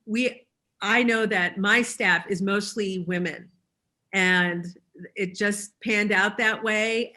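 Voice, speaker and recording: A woman on a business panel who runs a school, speaking earnestly and often pausing to find her words. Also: on the low side, pushed and bright. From Chicago. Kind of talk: panel discussion.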